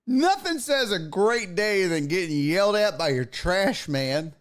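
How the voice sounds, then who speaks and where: A man's voice: high voice, unhurried. A middle-aged man hosting a sports talk show, telling a story in a casual, rambling way, cursing and exasperated. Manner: profane, exasperated, animated.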